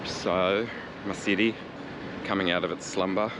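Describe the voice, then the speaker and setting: A man's voice: low-pitched, steady tone, unhurried. Sweary Australian man ranting on a bike ride. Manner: sweary, sarcastic, chatty. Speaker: cycling vlogger. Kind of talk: casual ranting commentary while riding. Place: outdoors on a city street, riding a bike. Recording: street and traffic noise behind.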